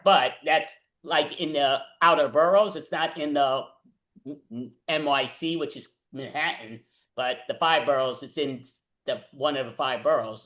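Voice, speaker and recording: A man's voice: on the high side, a bit bright. A man from New City, hosting a casual, playful back-and-forth on a video call, often stumbling and restarting. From New York City. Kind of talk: casual chat.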